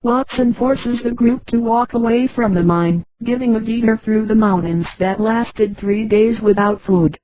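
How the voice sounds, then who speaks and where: A woman's synthetic voice reading a story aloud, flat and even, speaking punctuation marks as words. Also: on the high side, unhurried, few pauses, dry recording, poor audio. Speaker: audiobook narrator. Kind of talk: scripted narration.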